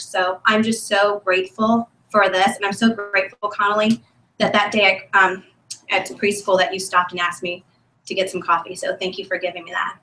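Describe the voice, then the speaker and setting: A woman giving an enthusiastic, emotional testimony speech at a sales meeting, chatty and animated. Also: mid-range voice, slight background noise. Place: meeting room, on a stage. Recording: echoey room from a distant mic.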